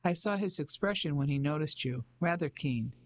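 A man's voice: fairly high pitch, animated, moderate pace, no room sound. Narrator voicing a cheerful young Englishman. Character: genial young Englishman, car lover.

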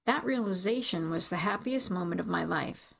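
A woman narrating a first-person audiobook in an emotional, measured way. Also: on the low side, creaky.

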